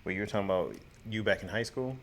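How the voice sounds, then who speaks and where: A man from Lansing co-hosting a podcast, asking questions in quick, bantering chat. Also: on the low side, fairly bright tone, a little hiss or hum. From Lansing, Michigan. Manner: asks questions, quick back-and-forth banter. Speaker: podcast co-host. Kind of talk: casual chat.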